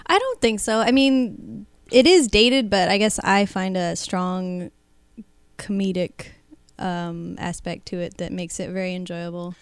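A woman hosting a casual podcast, playful and chatty, with quick asides. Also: mid-range voice, clear, resonant tone, dry recording. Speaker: podcast host.

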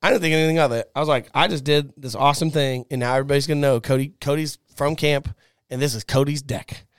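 A young man in a casual chat, telling a funny story with lively acted-out quotes and laughter. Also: a little high, fast, clean tone, dry recording, clean studio sound.

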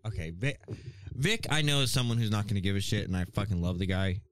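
Low-voiced man telling rambling stories. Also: animated, fast talker, noisy background. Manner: profane, rambling storyteller. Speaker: podcast co-host. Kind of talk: casual chat.

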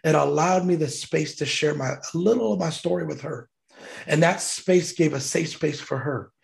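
A man's voice: on the high side, moderate pace, vocal fry. A man, a military veteran guest, telling an emotional personal story in a heartfelt, emphatic way. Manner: heartfelt, emphatic, choked up at times.

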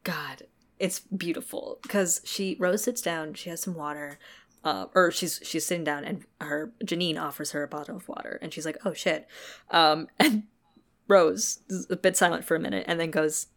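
A woman's voice: sits low, fairly even intonation, moderate pace. A woman co-hosting a casual book chat, swearing, laughing and peppering her talk with filler words. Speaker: book podcast co-host. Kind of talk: casual chat recapping a novel.

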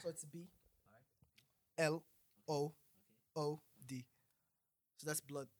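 A man's voice: on the high side, takes it slowly. A man co-hosting a podcast, chatting casually and cracking jokes. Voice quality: joking, animated. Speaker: podcast co-host. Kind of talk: casual chat.

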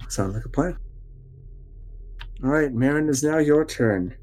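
A man running a tabletop role-playing game as game master, easygoing and quick to laugh as he hands out rulings. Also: mid-range voice, expressive, a little mellow.

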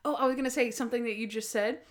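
A lively woman with a slightly high voice chats through a TV episode recap. She keeps throwing in fillers and acts out the characters' lines as she goes. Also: very fast. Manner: animated, acts out quotes, many fillers. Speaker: podcast co-host. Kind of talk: casual episode review chat.

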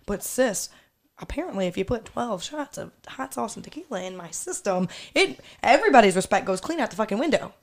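Young woman, podcast co-host, brash and playful, loud delivery, highish voice. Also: animated, brisk. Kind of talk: casual storytelling chat.

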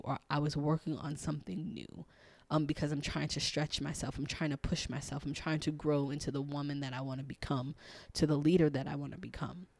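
Female podcast host and coach, raspy and hoarse, earnest, thinks aloud, dry booth-like sound. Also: low-pitched, a little mellow, no echo. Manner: earnest, encouraging, thinking aloud with many "um"s and restarts. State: hoarse, partly lost voice. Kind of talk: reflective solo podcast monologue.

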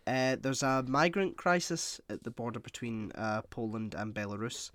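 A man's voice: mid-range voice, fairly even intonation, moderate pace, a bit bright. A man co-hosting a podcast, teasing dryly and hesitating with fillers as he gets to the point. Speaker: podcast co-host. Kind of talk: casual podcast chat.

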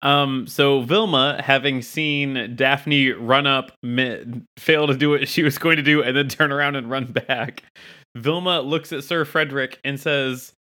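A man with a bright, forceful voice plays a tabletop role-playing game. He patiently walks the table through the rules, point by point. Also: medium pitch, steady tone, measured pace. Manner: explanatory, rules-focused. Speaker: player.

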